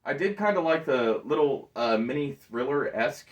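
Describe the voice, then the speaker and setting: Laid-back male co-host, halting delivery, slightly distant mic. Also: mid-range voice, dull audio. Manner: relaxed, halting, searches for words. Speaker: podcast co-host. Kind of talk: casual movie review chat.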